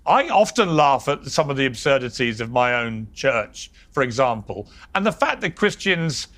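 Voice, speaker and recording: Sharp-toned combative debate host, man. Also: medium pitch, very animated, normal speed. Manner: combative, interrupting, teasing. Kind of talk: heated panel debate.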